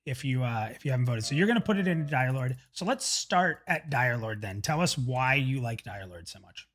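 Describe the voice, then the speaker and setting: A man's voice: mid-range voice, expressive, fairly quick, fairly bright tone. Upbeat chatty male stream host. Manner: upbeat, chatty, frequent restarts. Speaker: livestream host. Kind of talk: casual chat.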